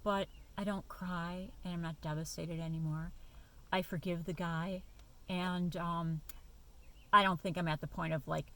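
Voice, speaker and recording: Woman vlogger, casual to-camera talk, slightly low voice, emphatic and chatty with frequent fillers. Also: steady tone, normal speed, a bit bright. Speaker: YouTube vlogger.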